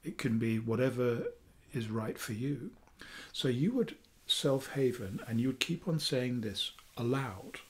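A man, a therapist calmly teaching a self-help technique in a chatty video, with fillers, dropping softly for affirmations. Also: medium pitch, a little slow. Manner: calm, chatty explaining with fillers, softening to near-whispers for affirmations. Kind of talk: talking-head teaching video.

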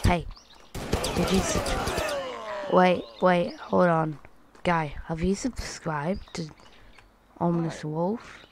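A woman hosting a playful, excitable let's play, chatting to her viewers as she plays. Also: lowish voice, takes it slowly, pauses often, background noise. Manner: playful, excitable, talks to viewers as lads and guys. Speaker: gaming channel host.

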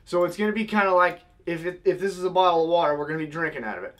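A man's voice: sits high, fairly bright tone. A young man casually teaching, step by step, how to blow a goose call. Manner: step-by-step, demonstrating with vocal honk sounds.

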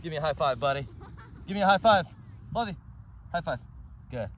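Cheerful, high-voiced man filming outdoors in snow. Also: brisk, slight background noise. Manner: cheerful, excitable, laughs often. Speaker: vlogger with his service dog. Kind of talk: casual vlog narration and dog commands.

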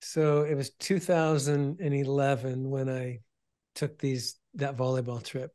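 A man telling an emotional testimony about starting his ministry, earnest, often restarting and repeating words, dropping to a hush when quoting. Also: medium pitch, flat delivery, a little slow. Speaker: ministry founder and guest.

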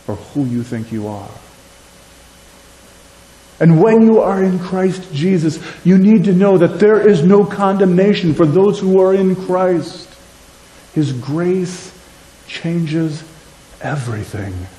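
A man's voice: mid-range voice, lively intonation, normal speed, mellow, reverberant, a little hiss or hum, rough recording. A man preaching a sermon to a congregation with passion, often asking them questions and checking they are with him. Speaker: pastor. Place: church sanctuary.

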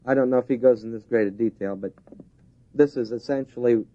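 A man's voice: mid-range voice, fairly quick, warm tone. A man preaching a sermon, driving his points home with repeated, rising emphasis. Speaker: pastor. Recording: dull lo-fi 1970s tape.

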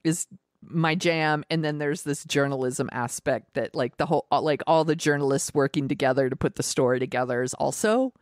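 Low-voiced woman podcast co-host. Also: a little fast, no echo, clean studio sound. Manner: rambling, giggly, filler-heavy recommendations. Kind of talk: casual chat.

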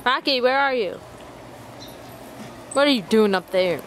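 Giggly young woman with a high voice. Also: lively intonation, a little slow, a little hiss or hum, poor audio. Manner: giggly, playful baby talk to pets. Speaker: vlogger filming her dogs. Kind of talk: casual home video chat. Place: outdoors at sunset.

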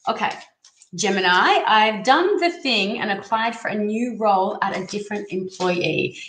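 A woman hosting a casual live-stream tarot reading, chatty and excitable as she reads out viewer comments. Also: mid-range voice, normal speed. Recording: echoey room, faint background noise.

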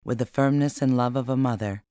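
Calm man reading recollections. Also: mid-range voice, fairly quick, smooth, dry recording, studio quality. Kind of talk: documentary reading of a memoir.

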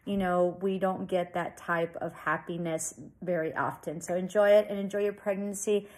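A woman's voice: lowish voice, fairly even intonation, moderate pace, very noisy. A woman reading tarot cards for her viewers in a loose, reassuring way, full of fillers and "okay?" tag questions. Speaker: tarot reader. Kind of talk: casual tarot reading to camera.

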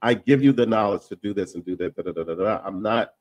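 A man in a casual panel discussion. He talks in an animated way, repeats himself, trails off into filler sounds and laughs as he talks. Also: fairly low pitch, quick pace, dry recording. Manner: laughs while talking.

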